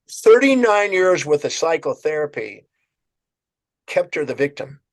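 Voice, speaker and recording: A man's voice: a little high, measured pace. A man telling a story as a podcast guest, acting out a client's words and his own questions. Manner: animated storyteller, quoting a client's answers.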